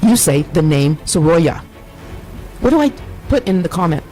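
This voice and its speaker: A woman's voice: fairly low pitch, big pitch swings, normal speed, mellow, soft background music, poor audio. A woman reading her own chat messages aloud, in a rambling way that keeps correcting itself. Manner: meandering, self-correcting.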